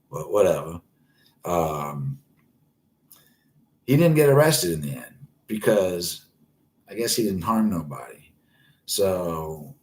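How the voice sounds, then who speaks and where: A man in his forties hosting a live late-night stream, ranting in a rambling, constantly swearing way. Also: deep voice. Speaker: host.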